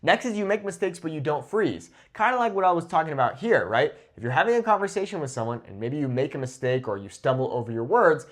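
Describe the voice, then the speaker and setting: Lively male Spanish teacher. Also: a little high, fast. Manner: lively and informal, with many fillers like okay and right. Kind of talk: conversational teaching to camera.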